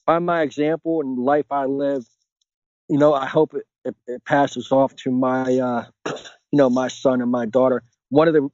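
A man's voice: medium pitch, a little mellow, no room sound. Earnest rambling man, dry muffled sound. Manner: rambling, heavy on filler phrases, earnest. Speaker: podcast guest. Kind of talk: casual conversational interview.

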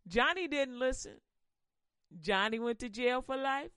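Woman preacher, slangy and animated, higher voice, lively pitch, dry close sound. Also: unhurried, clean tone, dry recording. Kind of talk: casual slang sermon.

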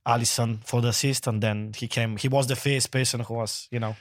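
A man co-hosts a casual football chat, excitable and halting, often repeating words. His voice sits in a middle range. The recording is dry and close. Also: mid-range voice, no echo. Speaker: co-host.

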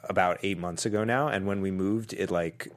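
A man co-hosting a casual movie podcast, relaxed and dryly joking. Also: low voice, normal speed. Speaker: podcast co-host.

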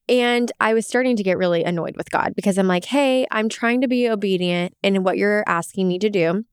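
A young woman co-hosting a faith podcast, telling a personal story in a candid, animated way with quoted asides. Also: medium pitch, clean tone, no room sound, studio quality. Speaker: podcast co-host. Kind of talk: casual faith podcast chat.

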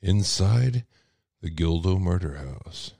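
A man with a Texas accent and a deep voice, hosting a casual livestream and reacting with loud disbelief. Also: slow pace, gravelly, no echo. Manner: animated, exclaiming in disbelief. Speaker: podcast host.

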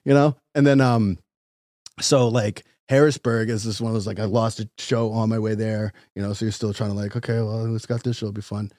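Casual comedian with dry close sound. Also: male voice, lowish voice, fairly quick, no room sound. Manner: animated, acts out voices in stories, swears freely. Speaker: touring stand-up comedian guest. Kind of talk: casual storytelling chat.

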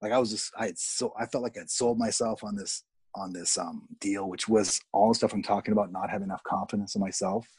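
A middle-aged man from Canada, an actor, telling candid, animated stories about film sets in a casual interview and swearing freely. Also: lowish voice, fairly quick, breathy edge, dry recording. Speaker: actor guest.

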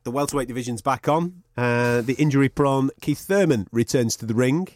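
A man's voice: mid-range voice, fairly quick, a little mellow, no echo. A man co-hosting a podcast in casual chat, bantering and swearing. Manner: banter, swearing, argues with the other host. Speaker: podcast co-host.

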